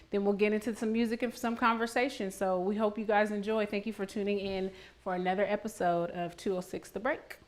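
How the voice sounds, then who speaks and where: Relaxed woman hosting a live stream. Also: a little high. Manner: relaxed, friendly, hesitant fillers. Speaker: host.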